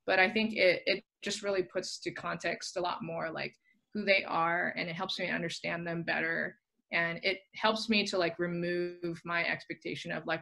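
A woman guest chatting casually on a podcast, full of "like" fillers and quick to laugh. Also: lowish voice, little pitch movement, creaky, sharp tone.

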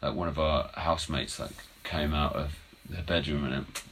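A man's voice: extremely low pitch, steady tone, moderate pace, a bit bright, slight background noise. A man in a band speaking as a guest, earnest and reflective in a casual chat. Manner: earnest, reflective, laughs easily.

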